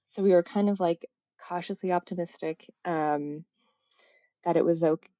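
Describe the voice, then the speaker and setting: Soft-spoken woman, low and mellow. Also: fairly even intonation, no room sound, highs cut off. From United States. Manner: halting and reflective, with many "like" fillers and self-corrections. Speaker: podcast guest. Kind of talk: candid personal storytelling in a casual interview.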